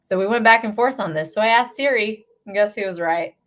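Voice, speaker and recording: A woman's voice: medium pitch, brisk, fairly bright tone. A woman co-hosting a radio show, chatting casually, telling stories and laughing easily. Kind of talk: casual morning radio banter. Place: radio studio.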